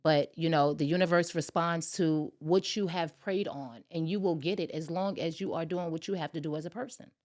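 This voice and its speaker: A woman guest on a podcast, telling a personal story in casual chat and acting out the lines of the people in it. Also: low-pitched. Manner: animated, talks fast, acts out dialogue.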